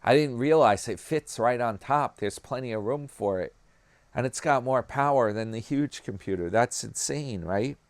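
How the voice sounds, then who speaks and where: A man's voice: medium pitch, normal speed, no room sound. A man with a New York accent chatting casually to his viewers, rambling from one thing to the next and calling them "guys" and "man". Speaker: YouTube commentary vlogger.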